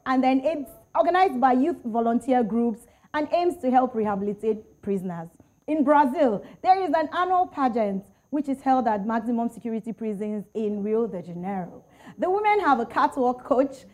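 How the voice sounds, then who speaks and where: A Nigerian woman hosting a lively panel chat, teasing her guests and reading out quotes. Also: on the high side, moderate pace. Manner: animated, teasing, reads out tweets. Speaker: talk show host.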